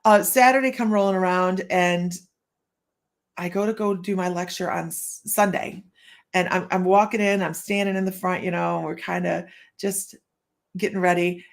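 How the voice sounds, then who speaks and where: A woman's voice: lowish voice, steady tone, normal speed, gravelly. Chatty woman telling stories on a livestream. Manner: chatty storyteller who acts out quotes and laughs often. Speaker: psychic hosting a live stream. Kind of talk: casual live-stream chat. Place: room at home with the window open.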